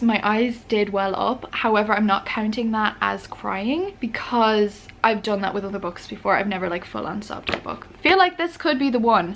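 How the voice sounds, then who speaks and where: A young woman talks to camera in a relaxed, chatty vlog voice, candid and peppered with fillers. Her pitch sits at an ordinary middle height. A faint hiss runs under the recording. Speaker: book vlogger.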